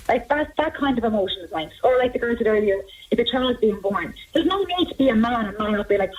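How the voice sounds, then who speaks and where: A woman's voice: on the high side, expressive, quick pace. A woman calling into a radio show, talking earnestly with lots of "like". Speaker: caller. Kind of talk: phone-in caller. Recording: phone line on radio.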